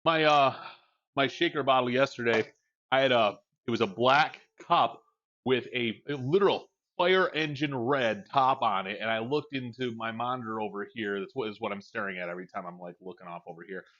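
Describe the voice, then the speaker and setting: A man's voice: medium pitch, normal speed, a bit bright, dull audio. A man with a young child streams from home, chatting casually in a rambling, frank way and swearing freely into a desk mic. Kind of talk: casual chat while livestreaming.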